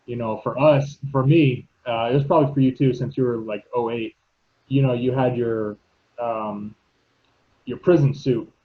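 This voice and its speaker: A man co-hosting a casual podcast, talking in a relaxed, halting way with lots of "um" and "you know" and some swearing. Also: medium pitch. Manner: laid-back, halting, many fillers, swears casually. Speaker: podcast co-host, navy veteran. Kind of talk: casual chat. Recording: tinny phone-like line.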